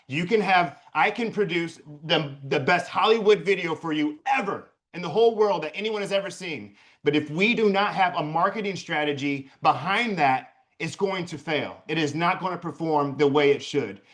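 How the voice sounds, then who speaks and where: A blunt, emphatic man talking about his work as a videographer. His voice sits on the high side for a man, and he swears freely to drive his points home. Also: moderate pace, hardly any pauses, a bit bright. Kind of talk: casual chat.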